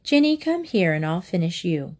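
A woman voicing a busy mother of four who speaks briskly and firmly. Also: on the low side, big pitch swings, a little mellow. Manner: brisk and firm.

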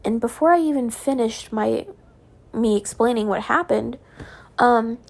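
A woman's voice: on the high side, a little slow, vocal fry. A young woman telling a personal story in a casual, rambling way at home, full of "like" and "um".

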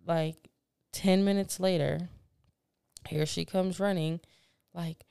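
Woman with a gravelly low voice, smooth and dry, chatty podcast host who swears and laughs a lot. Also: steady tone, slow, mellow, no room sound. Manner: candid, profane, laughing storyteller. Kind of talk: casual chat.

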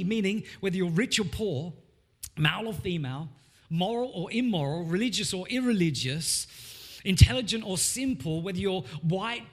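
A male pastor preaching a sermon in a church, animated and rising in emphasis when he reads scripture. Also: high voice, moderate pace.

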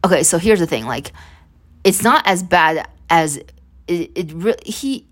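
This is a young woman with a low voice, hosting her own podcast. She tells a story in a loose, chatty way and keeps rambling into asides and restarting her sentences. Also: expressive, a little slow. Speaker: podcast host. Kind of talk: casual storytelling monologue.

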